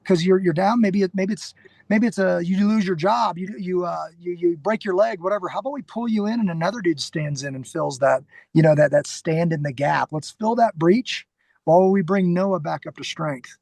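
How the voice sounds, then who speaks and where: A middle-aged man with a high, gravelly voice tells stories animatedly as a podcast guest. He acts out what people said and keeps restarting sentences. The sound is dry and close, with no room echo. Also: normal speed. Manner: animated, acts out quoted lines, frequent restarts. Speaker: podcast guest, security trainer. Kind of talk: casual interview storytelling.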